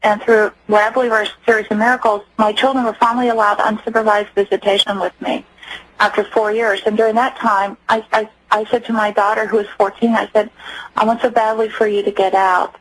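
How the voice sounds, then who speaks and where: A woman giving personal testimony as a radio interview guest, earnest and halting, often restarting her sentences. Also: mid-range voice, flat delivery, a little hiss or hum, rough recording.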